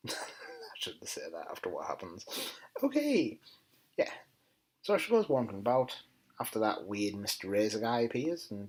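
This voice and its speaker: A man giving a chatty, enthusiastic spoken review, often dropping into quiet muttered asides. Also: medium pitch, husky, rough recording. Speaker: TV episode reviewer.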